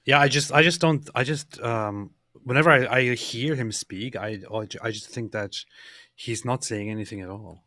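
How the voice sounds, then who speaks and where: Halting man on a dry video call. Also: mid-range voice, pushed and bright, no echo. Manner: halting, with frequent restarts and fillers. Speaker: co-host. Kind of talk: casual livestream chat.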